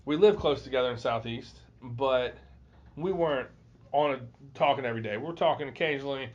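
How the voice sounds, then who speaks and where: A man spins a long, profane story in casual podcast chat. He acts out other people's lines as he goes. It sounds like a dull, lo-fi phone recording at a middle pitch. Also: brisk. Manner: profane, animated storyteller acting out quotes. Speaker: podcast host.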